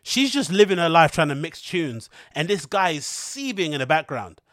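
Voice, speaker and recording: Man, podcast host, slangy casual rambling, slightly high voice, dry close sound. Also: big pitch swings, normal speed, a bit bright, no room sound. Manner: slangy, chatty, laughs often.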